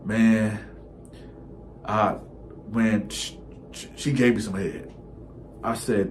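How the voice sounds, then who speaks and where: A man telling a first-person story in a casual, conversational way, animated and restarting his sentences often. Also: on the low side, slow pace, pauses often, a little hiss or hum.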